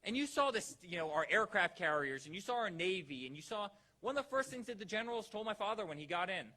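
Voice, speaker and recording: A man's voice: high-pitched, expressive, quick pace, hardly any pauses, pushed and bright. A man giving a rousing campaign rally speech, firing off repeated rhetorical questions at the crowd. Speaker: political rally speaker.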